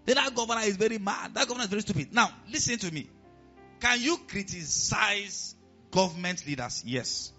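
A man with a Nigerian accent preaching a sermon as pastor, animated and often asking the congregation questions. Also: sits high, brisk, dull audio, faint music behind.

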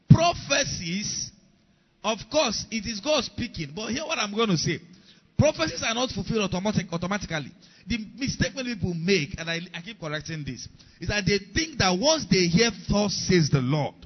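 A man's voice: sits high, dull audio. A middle-aged male pastor preaching a sermon, emphatic, repeating key lines and asking the congregation if they follow.

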